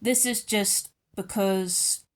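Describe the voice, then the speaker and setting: A young woman with a British accent vents to her viewers in an angry, sarcastic rant. Her pitch sits in the middle but swings up high and drops low as she talks. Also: fairly even intonation, slow pace. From United Kingdom. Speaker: YouTuber. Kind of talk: ranting vlog commentary.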